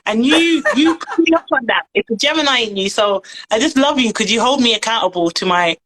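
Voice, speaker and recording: A woman's voice: fairly high pitch, expressive, brisk, a bit bright, low-quality recording. A British woman hosting a casual live-stream chat, talking in a chatty, effusive, slangy way. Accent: British English. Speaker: host.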